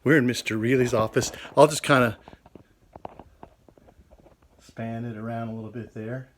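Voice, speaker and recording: A man's voice: mid-range voice, steady tone, moderate pace, fairly bright tone, slight background noise. Older male teacher; upbeat, jokey kid-friendly delivery, recorded in a home office on a handheld camera. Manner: cheerful, corny jokes, speaks to kids. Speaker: children's Bible class teacher. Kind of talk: children's show talk.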